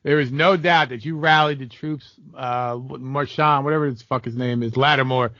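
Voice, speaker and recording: A man's voice: mid-range voice, steady tone, normal speed, bright, forceful tone, no echo, highs cut off. A man co-hosting a sports betting podcast, ranting heatedly and swearing through casual chat. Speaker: podcast co-host.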